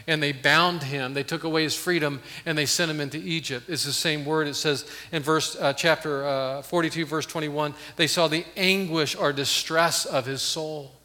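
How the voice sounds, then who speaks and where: A man preaching a sermon as pastor, earnest, swinging from loud emphasis to hushed, intimate tones. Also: fairly high pitch, steady tone, moderate pace, few pauses, long reverb tail.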